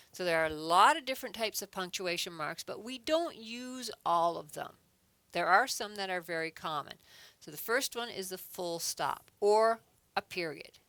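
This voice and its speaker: A woman teaching a grammar lesson, explaining patiently one step at a time. Her voice is bright and sits a little low, and the sound is close and dry, with no room around it. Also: dry recording. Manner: checks in with frequent "okay". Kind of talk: recorded adult English lesson.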